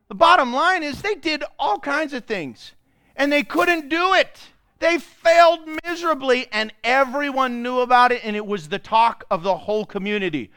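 High, bright-voiced animated male pastor. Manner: animated, shifts between quiet asides and loud bursts, prods the congregation to respond. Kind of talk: Pentecostal sermon. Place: church sanctuary before a congregation.

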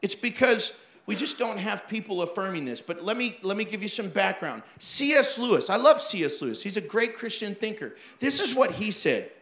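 A male pastor with a high, bright voice tells funny church stories from the pulpit. He acts out the people in them and laughs along as he goes. His voice rings around a roomy, echoing space. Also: normal speed, few pauses. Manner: animated, acts out quotes, laughs often. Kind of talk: storytelling sermon.

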